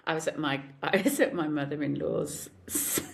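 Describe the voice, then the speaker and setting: A woman's voice: deep voice, moderate pace, vocal fry. A woman in her forties, a guest actor, telling stories in casual chat and laughing often. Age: 40s. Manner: animated storyteller, laughs often.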